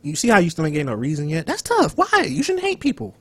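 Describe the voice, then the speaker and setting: A young man, joking loudly and then dropping low as a podcast co-host. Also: quick pace, slightly rough. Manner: animated, joking, swings loud and soft. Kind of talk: casual podcast chat.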